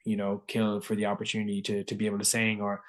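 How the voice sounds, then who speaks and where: A man with a fairly low voice tells a long, rambling story in a relaxed interview chat. He fills his sentences with constant filler words and loose restarts. The delivery stays casual and conversational. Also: quick pace. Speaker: guest singer-songwriter.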